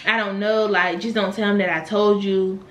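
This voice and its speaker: A woman's voice: medium pitch, flat delivery, moderate pace, reverberant, lightly acted. A woman voicing a hesitant young woman who is a baby's mother, in a storytime vlog. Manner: hesitant, soft-spoken.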